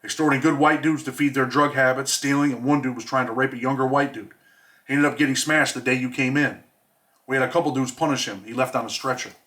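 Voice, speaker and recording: A man's voice: medium pitch, fairly even intonation, fast, a bit bright, natural voice. A man reading as a tough, confident young prison inmate who talks in a sly, streetwise way. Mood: matter-of-fact.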